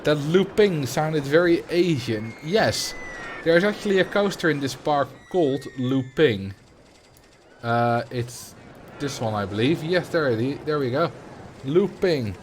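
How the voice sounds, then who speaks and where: A man's voice: on the high side, lively intonation, unhurried, a little hiss or hum. A man with a Dutch accent, chatting casually on a livestream while he builds in a game and answers viewers. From Netherlands. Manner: chatty, answers chat questions while playing. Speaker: streamer.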